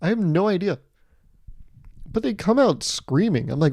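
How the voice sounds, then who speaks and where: A man's voice: sits high, animated, normal speed, pauses often, a little mellow, no echo, studio quality. A man hosting a podcast, rambling through a playful comedic monologue full of self-amused asides. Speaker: podcast host.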